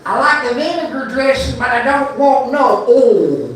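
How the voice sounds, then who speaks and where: A man doing a character impression of a demanding small-town Florida man, with a rural Southern accent, hissing the words slowly through his teeth. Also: extremely high pitch, lively intonation, pitched above the performer's own voice. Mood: picky. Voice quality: hissed through the teeth, slow and drawling. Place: comedy club stage. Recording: echoey club from far off.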